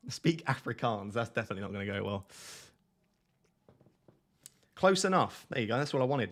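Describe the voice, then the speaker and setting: A man's voice: fairly low pitch, animated, normal speed, long pauses, fairly bright tone. A man hosting a live fantasy football stream from home at night, reading chat aloud in a jokey, self-mocking way.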